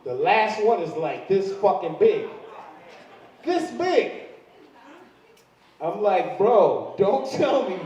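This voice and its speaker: An older man doing a crude stand-up comedy set in a live club, telling stories and acting out the voices of people in them. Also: on the high side. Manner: crude, storytelling, acts out quoted voices. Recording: distant, very echoey, dull lo-fi club recording. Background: audience laughter.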